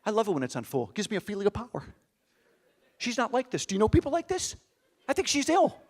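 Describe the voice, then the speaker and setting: A middle-aged man performing live stand-up comedy on a theater stage, animated and exasperated, with audience laughter behind him. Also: sits high, fast. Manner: animated, acts out exasperated voices.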